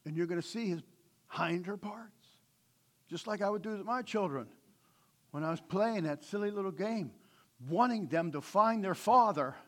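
A middle-aged man preaching a sermon, swinging from loud, impassioned calls to quiet, conversational storytelling. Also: high voice, moderate pace. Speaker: pastor.

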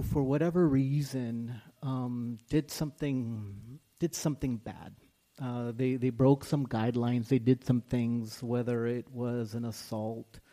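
A man's voice: medium pitch, warm tone. A man, a school principal, speaking to a congregation in a chatty, self-deprecating way with many fillers. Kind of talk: casual talk to a congregation.

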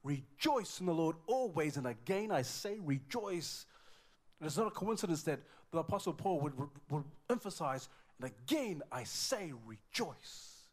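A middle-aged man from New Zealand preaching a sermon with passion, swinging from loud exclamations to quiet, intimate asides. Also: a little high, animated, moderate pace. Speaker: pastor.

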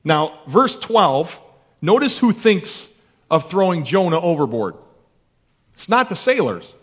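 A man's voice: on the high side, big pitch swings, slow pace, a bit bright, husky. A man preaching a sermon in a conversational, emphatic way, repeating key phrases. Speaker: pastor.

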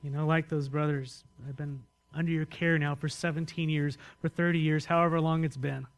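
Male pastor, relaxed sermon delivery, somewhat higher-pitched voice, asks the room questions. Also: fairly quick. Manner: conversational, asks the congregation questions.

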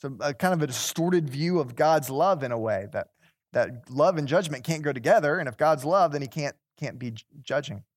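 A man's voice: fairly high pitch, lively intonation, normal speed. A man teaching an interactive Bible class, talking conversationally, repeating words and putting questions to the group.

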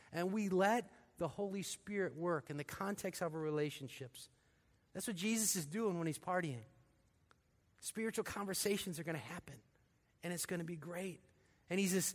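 High-pitched guy preaching, drops quiet then gets loud, lots of rhetorical questions, long hall echo. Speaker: pastor. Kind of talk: sermon. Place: church.

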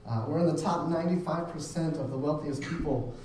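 A man's voice: a little high, brisk, darkish tone. A man preaching a casual sermon who often repeats words and restarts his sentences. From United States. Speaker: pastor. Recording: very echoey room, voice from a distance, faint hum.

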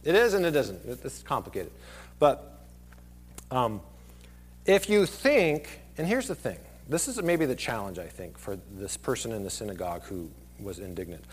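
A man in his thirties preaching a sermon, conversational and digressive, often dropping suddenly to a quiet voice. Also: mid-range voice, big pitch swings, moderate pace, husky. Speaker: pastor.

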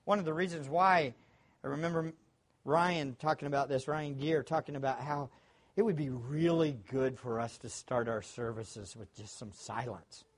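A man preaching a sermon, swinging from hushed asides to shouted praise. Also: mid-range voice, moderate pace. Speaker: pastor.

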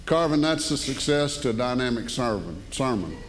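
An older man preaching a sermon as pastor, folksy and animated, joking with the congregation. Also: mid-range voice, normal speed, a little hiss or hum. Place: church sanctuary. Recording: long hall reverb.

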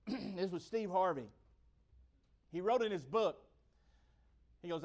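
A high-pitched man from the United States delivers a sermon. He talks emphatically and circles back to the same phrases to drive each point home. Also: animated, slow pace. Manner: emphatic, repeats key phrases. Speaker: preacher.

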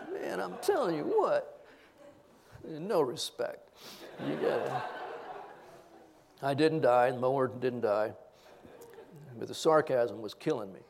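A man's voice: medium pitch, big pitch swings, slow, gravelly, long pauses, darkish tone. An older man preaching a sermon, asking rhetorical questions and telling self-deprecating stories with humor. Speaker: pastor.

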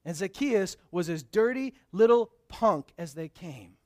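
A man's voice: high-pitched, animated, a little slow. A male pastor preaching a sermon, telling stories casually and then building to emphatic, raised declarations.

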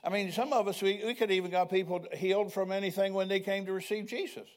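A man's voice: high voice, fairly even intonation, quick pace. Older man preaching a conversational sermon. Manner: preacherly, conversational, asks the congregation questions. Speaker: pastor.

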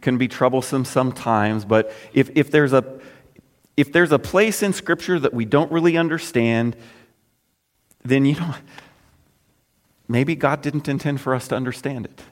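A man preaching a sermon in a conversational way, his voice dropping low and soft at the ends of phrases. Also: moderate pace, pauses often, big-room sound. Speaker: pastor.

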